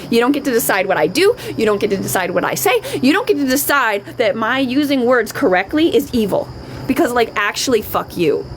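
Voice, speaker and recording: A woman's voice: on the high side, big pitch swings, moderate pace, slight background noise, rough recording. A middle-aged woman ranting on a live stream, emphatic and repetitive, often swearing. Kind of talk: unscripted live-stream rant.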